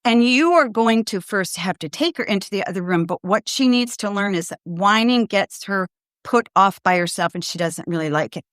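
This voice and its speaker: A woman's voice: mid-range voice, animated, normal speed, no room sound, studio quality. An older woman, a pediatrician hosting a podcast, giving direct, good-humored parenting advice to callers. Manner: direct, warm-humored, acts out kids and parents in quotes. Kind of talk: advice show, answering callers.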